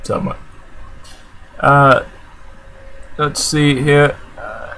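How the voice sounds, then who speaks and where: A man with a Canadian accent chats to camera, answering comments in a loose, rambling way with plenty of fillers and restarts. His voice sits a little high for a man. A faint hiss runs under the recording. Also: a little slow, fairly bright tone, poor audio. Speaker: vlogger.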